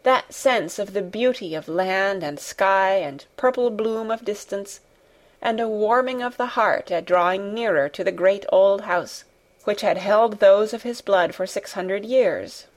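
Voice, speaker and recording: A woman narrating a classic novel as an audiobook, calm and measured. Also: mid-range voice.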